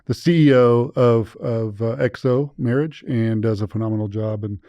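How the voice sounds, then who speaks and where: Male podcast host, mellow tone, dry studio; upbeat, self-correcting casual chat. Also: mid-range voice, moderate pace, no room sound, lo-fi sound.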